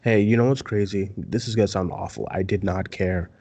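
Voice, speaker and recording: A man with a low, slightly husky voice co-hosts a loose film chat. He rambles, piles on fillers and restarts, and jumps up in pitch when he gets excited. The sound is dry and close. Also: fairly quick, dry recording. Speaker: co-host, film site editor. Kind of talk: casual chat.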